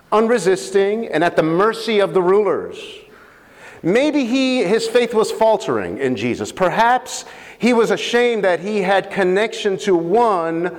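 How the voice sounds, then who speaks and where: Guy preaching, reads the bible dramatic with pauses, lots of echo trailing off. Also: high voice. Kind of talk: sermon with scripture reading. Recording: long hall reverb.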